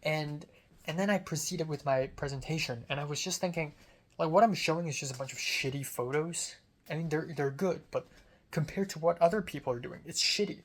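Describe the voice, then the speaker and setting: A young adult film student talks through a story in a loose, casual monologue. The delivery rambles, packed with "like" fillers and offhand swearing, at a middling pitch. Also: a little fast.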